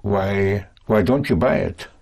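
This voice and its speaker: Slow gravelly man teaching patiently. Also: lowish voice, a little mellow. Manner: slow, patient, deliberate phrasing in short chunks. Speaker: language teacher. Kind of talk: recorded language lesson.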